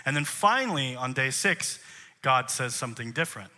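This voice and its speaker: A man's voice: mid-range voice, lively intonation, normal speed, sharp tone. A man, a worship leader, preaching a sermon in an emphatic way, posing rhetorical questions to the congregation.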